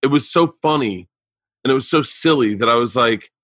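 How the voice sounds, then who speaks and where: A man's voice: medium pitch, normal speed, a bit bright, no room sound. A man hosting a podcast, chatting with a guest, enthusiastic and swearing, repeating himself as he talks. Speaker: podcast host. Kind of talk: casual interview chat.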